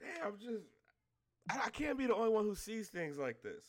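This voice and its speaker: A man delivers a blunt, exasperated rant straight to his audience, swearing heavily. His voice sits high with a sing-song lilt, at normal speed.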